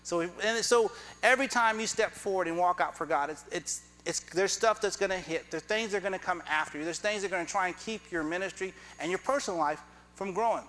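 A man's voice: sits high, fast talker, a bit bright, long reverb tail, low-quality recording. A man preaching a sermon, telling a personal story with quoted dialogue and chuckling asides.

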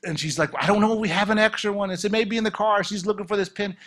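A man preaching and telling a testimony story, acting out the dialogue with lively energy. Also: sits high, quick pace. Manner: animated, acts out dialogue.

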